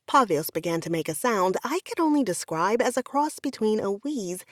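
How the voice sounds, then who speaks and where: Expressive woman reading an audiobook. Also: mid-range voice, normal speed, few pauses, dry recording, clean studio sound. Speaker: audiobook narrator. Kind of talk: first-person romance audiobook narration.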